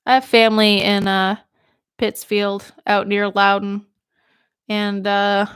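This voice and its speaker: A young woman from Maine who works as a radio DJ, chatting on a livestream in a loose, rambling way. She's a little tipsy from drinking and laughs easily. Her voice sits at an ordinary pitch and sounds dry and close, with no room around it. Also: flat delivery, takes it slowly, fairly bright tone, clean tone, no room sound. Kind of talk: casual livestream chat.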